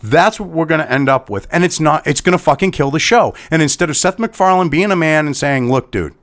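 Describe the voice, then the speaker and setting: A man's voice: on the high side, animated, a little fast, fairly bright tone. A man delivering an angry, profane commentary rant, exasperated and swearing constantly. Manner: swearing heavily, exasperated, sighing. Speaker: commentary host.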